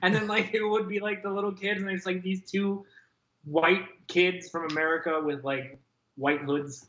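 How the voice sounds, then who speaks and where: A man co-hosting a casual pop-culture podcast. He is animated and acts out silly voices when retelling things. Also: sits high, normal speed. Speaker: podcast co-host. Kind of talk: casual chat. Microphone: remote call setup on a laptop. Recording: roomy, dull lo-fi sound.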